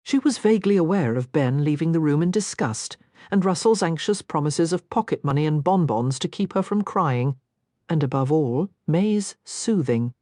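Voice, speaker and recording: Woman narrating an audiobook, low voice, lively expressive reading, dry close mic. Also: moderate pace, dry recording. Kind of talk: scripted narration.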